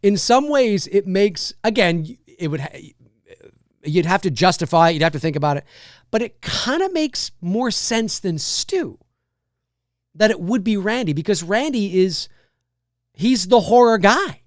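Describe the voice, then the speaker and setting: A man hosting a casual livestream speaks at a measured pace in a high voice, rambling animatedly about a film and answering viewer comments, with many restarts and fillers. The audio is studio quality with no room sound.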